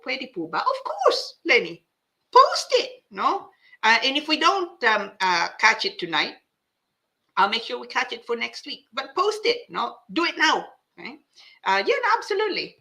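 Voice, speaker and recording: Woman host, breezy English with asides, forceful bright tone, rambling fillers. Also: on the high side, big pitch swings, moderate pace. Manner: chatty, mixes English with Tagalog, frequent fillers and restarts. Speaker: host reading viewer comments. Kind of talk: casual live-show chat.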